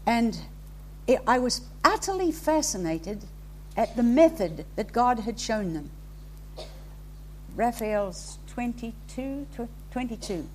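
A woman's voice: fairly high pitch, sing-song, measured pace, slight background noise. A woman preacher delivering an impassioned sermon to a congregation, rising to emphatic peaks. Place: hall with a congregation.

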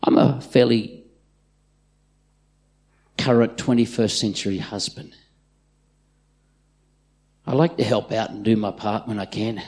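A middle-aged man preaching a live sermon in a church, telling stories and swinging from loud calls to hushed asides. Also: lowish voice, fairly even intonation, unhurried, long pauses. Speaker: pastor. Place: church auditorium with congregation.

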